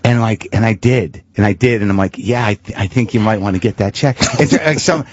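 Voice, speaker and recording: A man's voice: fairly low pitch, a little fast. A man telling candid, self-mocking stories as a comedian guest on a talk show, with frequent restarts and swearing. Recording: dull lo-fi radio broadcast.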